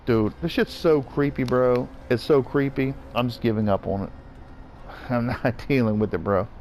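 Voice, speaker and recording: A man's voice: mid-range voice, moderate pace, darkish tone. A man venting in a profane, repetitive rant while gaming, with faint background noise.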